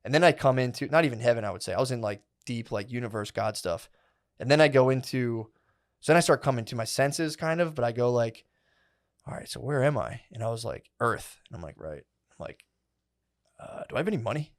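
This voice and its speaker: A man's voice: medium pitch, lively intonation, brisk. A man in his thirties co-hosting a podcast, telling a long rambling story in casual chat, full of "dude" and "like". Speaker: podcast co-host.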